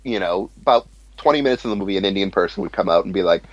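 A man's voice: sits low, rapid-fire, no echo. Casual male storyteller, swears a lot, laughs at himself, dry muffled recording. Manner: animated, profane, laughing at his own story. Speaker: storyteller, former cinema manager. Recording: dull lo-fi sound.

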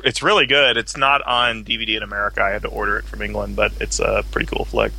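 A man's voice: on the low side, flat delivery, fast, gravelly, bright, forceful tone, rough recording. A man on a casual comedy podcast, rambling with film-buff enthusiasm.

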